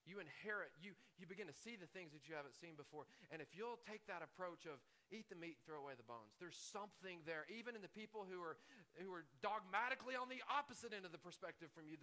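Male pastor, sermon, high bright voice, chatty storytelling, asks the room questions. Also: animated, fast talker.

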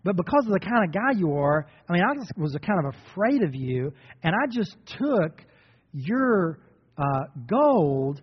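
A man's voice: sits high, big pitch swings, a little slow, breathy edge, long reverb tail, highs cut off, exaggerated voice. A man voicing a timid, excuse-making servant who hesitates and pleads in a whiny way. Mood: sheepish.

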